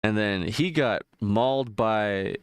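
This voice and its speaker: Low, smooth-voiced male streamer rambling. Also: slow, dry recording, studio quality. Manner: rambling, profane, loose retelling with frequent fillers. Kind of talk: casual chat while gaming.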